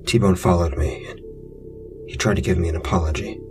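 A man's voice: sits low, fairly even intonation, brisk. A man narrating a true scary story in the first person, blunt, profane and wry. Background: music.

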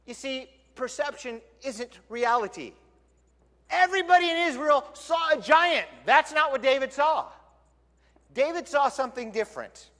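A male pastor preaching a sermon in a lively, conversational storytelling way, in a church sanctuary. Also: extremely high pitch, normal speed. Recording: long church hall reverb.

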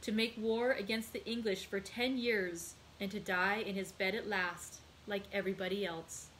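A woman reading the part of a calm, resolute young male sailor in a read-aloud book, in a plain reading voice. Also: medium pitch, moderate pace, slight background noise, natural voice, rough recording. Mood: sorrowful.

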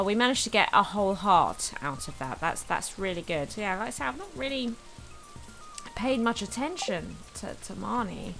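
A woman's voice: mid-range voice, creaky, pushed and bright. A woman casually commenting while she plays a farming game, chatty and easily delighted. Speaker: gaming video host. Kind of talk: casual let's play commentary. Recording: game music under voice. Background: game music.

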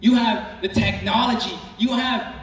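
A man preacher voicing the apostle Paul, asking eager, animated questions. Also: extremely high pitch, unhurried. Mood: disappointed. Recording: echoey hall from far off with music.

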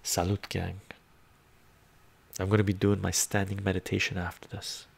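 A man hosting a live stream, reading song lyrics in a soft-spoken ASMR manner, his voice going a little rough. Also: low voice, monotone, moderate pace.

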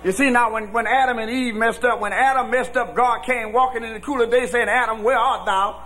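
A man preaching a sermon as pastor, shouting in a folksy preaching cadence. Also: extremely high pitch, steady tone, fairly quick, slight background noise. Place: church with congregation.

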